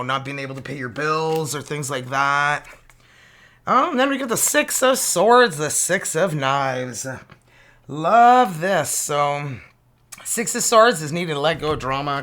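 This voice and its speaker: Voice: mid-range voice, bright, forceful tone. A tarot reader from Canada with a Canadian accent, giving a casual, playful and exclamatory reading that mixes in French card names.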